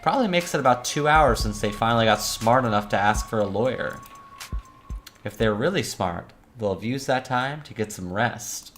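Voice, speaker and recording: A woman's voice: a bass voice, expressive, normal speed. Woman reading out a tired cynical defense lawyer, dry noir monologue, music faint underneath. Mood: brooding. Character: weary cynical criminal defense attorney narrator. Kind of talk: visual novel read-aloud.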